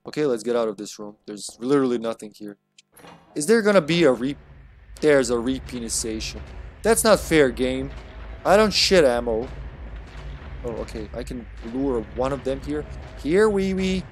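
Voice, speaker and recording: A man's voice: mid-range voice, animated, moderate pace, a little hiss or hum. A man giving live gameplay commentary as a streamer, joking crudely and talking back to the game.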